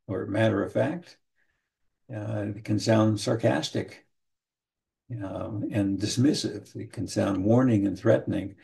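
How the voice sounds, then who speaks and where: A man teaching counseling skills in an online training session, speaking in a measured way, often repeating his first words and briefly acting out what a client and a counselor might say. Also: medium pitch, gravelly, mellow. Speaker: trainer teaching motivational interviewing. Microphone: video call.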